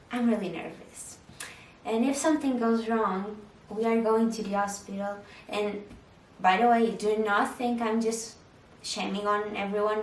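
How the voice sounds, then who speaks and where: In a casual Q&A, a young adult woman with a mid-range voice answers viewers' questions on motherhood and marriage, candid and chatty with lots of "like." The rough audio comes from a distance in an echoey room, with a little hiss or hum.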